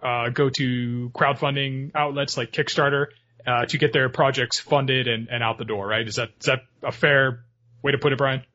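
Bright-voiced curious podcast host man. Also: medium pitch, steady tone, normal speed, dull audio. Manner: curious, asks lots of questions. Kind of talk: casual podcast chat.

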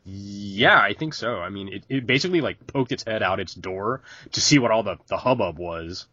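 A man co-hosting a podcast, making dry, sardonic remarks about a film in a husky voice. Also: fairly low pitch, lively intonation, normal speed, bright, forceful tone, no room sound, muffled recording. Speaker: podcast co-host. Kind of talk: casual film discussion.

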